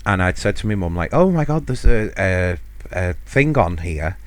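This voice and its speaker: Male podcaster, deep voice, dry close sound, loose and self-deprecating storytelling. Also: very animated, normal speed, no echo. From United Kingdom. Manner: rambling and self-mocking, chuckling often. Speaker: podcast host. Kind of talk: casual solo storytelling.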